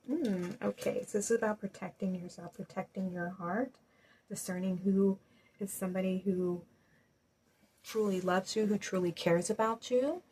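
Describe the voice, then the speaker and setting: Gentle reassuring woman giving a reading. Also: medium pitch, normal speed, a little hiss or hum, poor audio. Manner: gentle, reassuring, with many fillers like "you know". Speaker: spiritual card reader. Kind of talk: intuitive tarot-style reading to viewers.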